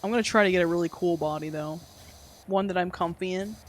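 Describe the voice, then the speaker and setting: A woman's voice: on the low side, quick pace, slight background noise. A young woman live-streaming a game, chatting casually and teasing her chat with frequent giggles.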